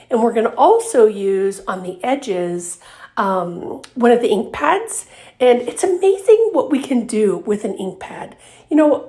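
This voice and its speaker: A woman's voice: fairly high pitch, a little mellow. A woman hosting a craft tutorial, chatty and upbeat, talking viewers through each step with fillers and little laughs. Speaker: craft video host. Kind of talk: casual craft tutorial narration.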